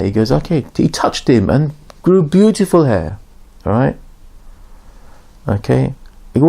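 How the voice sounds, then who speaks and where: In a warm, gravelly, medium-pitched voice with a sing-song lilt, an Islamic teacher leads an informal lesson at an unhurried pace. He shares stories conversationally and acts out the characters' lines with a raised voice.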